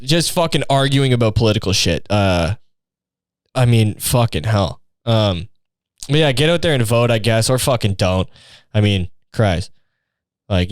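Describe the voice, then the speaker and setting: Lively, profane young podcast host. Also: male voice, medium pitch, no room sound, clean studio sound. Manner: profane, rambling and sardonic. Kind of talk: casual storytelling chat.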